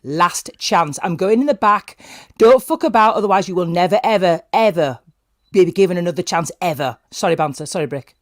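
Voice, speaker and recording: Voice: medium pitch, lively intonation, a little fast, no room sound, clean studio sound. A livestream panel member giving a sweary, threatening warning with repeated ultimatums.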